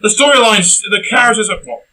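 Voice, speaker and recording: A young man co-hosting a casual comedic film review, ranting and bursting into shouts. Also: high-pitched, a little fast, soft background music, low-quality recording.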